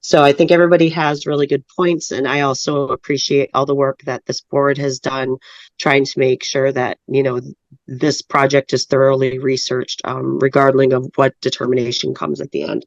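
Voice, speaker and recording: A woman speaks in a muffled voice, delivering steady, earnest public comment at a town board hearing. The audio is dull and lo-fi, with a dry sound and no room echo. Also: rumbling low, moderate pace. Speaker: resident giving public comment.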